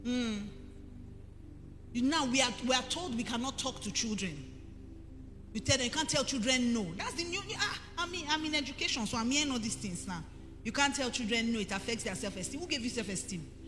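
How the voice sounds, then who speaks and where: A high-voiced Nigerian woman pastor preaches with a bright, sharp edge and swings her pitch widely. Her emphatic delivery rings through a reverberant church hall. Faint music plays underneath. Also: a little fast. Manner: emphatic, rising to forceful preaching. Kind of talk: sermon.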